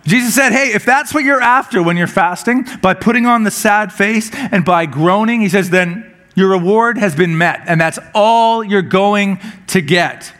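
A man with a notably high voice preaches in an easygoing, conversational way. He mixes scripture with light humor and often stumbles over a word and repeats it as he restarts a phrase. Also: moderate pace, few pauses, fairly bright tone. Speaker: pastor. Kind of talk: sermon.

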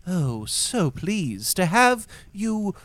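A man putting on an eager, fawning innkeeper who gushes his welcomes in a raised, lively voice. He is overly courteous and eager to please. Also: high voice, extremely slow, no echo, pitched above the performer's own voice, full character voice. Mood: effusive. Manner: effusive, bowing courtesy.

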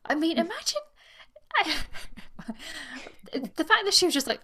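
A woman co-hosting a book podcast, chatting in an animated way with frequent laughs and reading passages aloud. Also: extremely high pitch, a little slow, long pauses. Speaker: podcast co-host.

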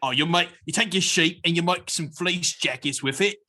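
A man's voice: on the high side, normal speed, bright, forceful tone. A young man co-hosting a podcast, riffing playfully in casual chat. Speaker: podcast co-host.

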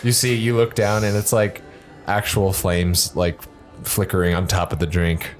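A man's voice: low-pitched, little pitch movement, moderate pace, soft background music. A man running a tabletop game as game master, narrating in a laid-back, casual way.

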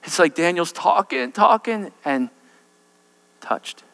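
Man, preacher, dramatic sermon, loud then hushed, high bright voice. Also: very animated, slow, gravelly.

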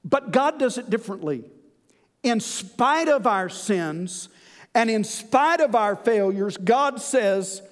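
A male pastor preaching a sermon in an earnest manner, slowing down to stress key lines. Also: very high-pitched, animated, in a large hall.

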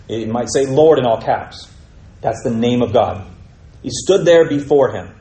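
A man's voice: medium pitch, lively intonation, moderate pace, dark tone, reverberant, poor audio. A man teaching a Bible study, reading scripture aloud and explaining it with questions to his listeners.

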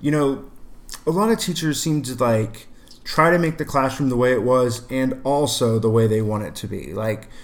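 A young adult man, a middle school math teacher, chatting casually with a relaxed storytelling manner. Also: medium pitch. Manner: relaxed storytelling, many fillers. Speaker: math teacher and podcast co-host. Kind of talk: casual chat.

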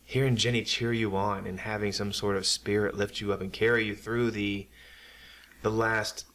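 A man's voice: fairly low pitch, normal speed, slight background noise. A man hosting a casual podcast, encouraging his guest and sharing his own running stories, often restarting his sentences. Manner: relaxed, encouraging, repeats words and restarts. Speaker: podcast host.

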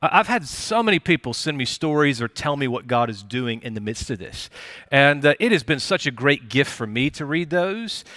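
Male pastor, bright voice, folksy encouraging sermon with lots of "uh"s, dry close mic. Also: mid-range voice, very animated, normal speed, no echo. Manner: conversational, encouraging, many fillers and restarts. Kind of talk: live sermon. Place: church service.

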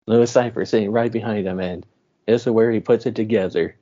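A man's voice: lowish voice, fairly even intonation, brisk, mellow, lo-fi sound. A man co-hosting a film podcast, casually recapping a plot with easy laughs. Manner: laid-back, laughing storyteller.

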